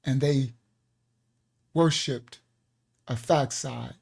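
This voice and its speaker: A man's voice: medium pitch, fairly even intonation, drawn-out words, creaky, darkish tone, breathy edge. A man leading an online Bible lesson as pastor, talking in a loose, repetitive way with laughing asides.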